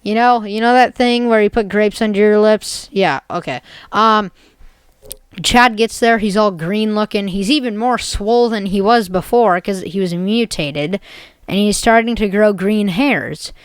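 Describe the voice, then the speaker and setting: Casual woman video creator, mid-pitched, rambles through a jokey made-up story. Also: unhurried, clean tone, no echo. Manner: rambling, jokey, full of "basically" and "like". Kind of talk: rambling comic story retelling.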